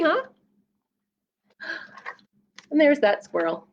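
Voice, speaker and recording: Animated woman reading aloud to kids. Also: high voice, slow, muffled recording. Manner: animated, gasping, playful sound effects. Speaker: children's librarian. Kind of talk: storytime read-aloud.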